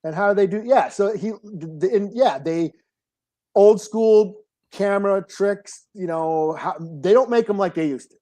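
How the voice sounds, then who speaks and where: Halting, casual male podcast co-host. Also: sits high, dark tone. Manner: halting, restarts often, casual swearing.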